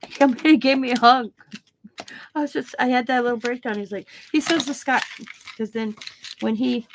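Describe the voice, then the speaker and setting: A woman's voice: a little high, steady tone, normal speed, background noise. A middle-aged woman chatting casually at her craft desk at home, telling a rambling story and acting out the voices of the people in it. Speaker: craft vlogger. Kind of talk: casual chat while crafting.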